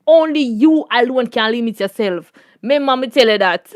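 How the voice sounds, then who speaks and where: A woman with a Jamaican accent hosting a casual storytime chat, animated and laughing often. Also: a little high, normal speed, dry recording, studio quality. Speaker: channel host.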